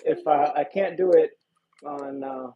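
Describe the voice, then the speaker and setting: A man's voice: sits high, very animated, a little slow, vocal fry, a crowd in the background. A man from Illinois, a police detective, chatting casually and laughing easily with viewers on a phone livestream outdoors at night. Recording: dull lo-fi phone stream with background noise.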